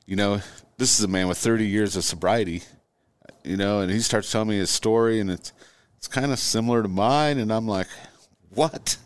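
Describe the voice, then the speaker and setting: A middle-aged man, a guest, telling his own story in conversation, halting and repeating words as he goes. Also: fairly low pitch, dry recording.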